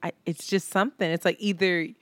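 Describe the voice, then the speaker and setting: A woman in her thirties co-hosting a casual podcast, telling animated stories, acting out friends' lines and laughing often. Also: lowish voice, fairly quick, dry recording. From Philadelphia. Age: 30s. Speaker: podcast co-host. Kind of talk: casual chat.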